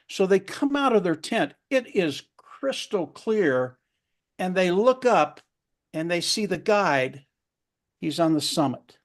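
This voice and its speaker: A man's voice: sits high, expressive, slow pace. Earnest man telling a motivational story. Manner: earnest, repeats words for emphasis. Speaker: round table speaker.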